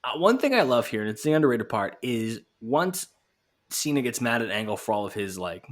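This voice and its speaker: A man's voice: medium pitch, sing-song, a little fast. Easygoing joking male podcast co-host. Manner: joking, swearing, quotes wrestlers in put-on voices. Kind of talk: casual podcast chat.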